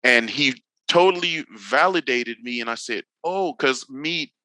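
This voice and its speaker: A man in his forties from Northern California, a podcast guest telling stories casually, animated and slangy, acting out the people he quotes. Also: medium pitch, measured pace, dry recording, low-quality recording. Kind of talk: casual storytelling chat.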